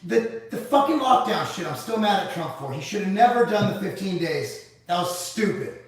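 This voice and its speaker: A man's voice: sits high, animated, moderate pace, recorded from a distance. Blunt, profane man in an echoey room. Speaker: livestream host reading viewer comments. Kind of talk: casual live Q&A.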